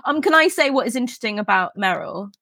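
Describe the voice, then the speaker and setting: A woman's voice: on the high side, lively intonation, fast talker, gravelly, sharp tone, no echo. An English woman, a podcast guest, chatting casually and with lots of animation, often laughing and slipping into quoted voices. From England. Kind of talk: casual chat.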